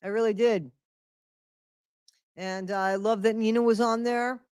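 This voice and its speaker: Middle-aged woman hosting a home live stream; chatty, repeats herself, slightly high, dry mic. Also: fairly even intonation, unhurried, darkish tone, smooth, no room sound. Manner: greets viewers by name, repeats phrases. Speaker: livestream host. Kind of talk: casual live-stream chat.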